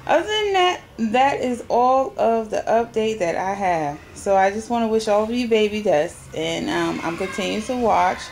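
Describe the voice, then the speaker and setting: A woman talking casually to a handheld camera in a personal video update. She rambles in a chatty way and pauses often. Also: medium pitch, a little mellow, slight background noise. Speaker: vlogger giving a personal update. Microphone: handheld camera at arm's length.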